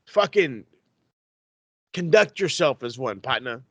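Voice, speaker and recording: Man, podcast co-host, casual chat, animated swearing, bright tone, dry close sound. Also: mid-range voice, takes it slowly, no echo. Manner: animated, profane, loud mocking impressions.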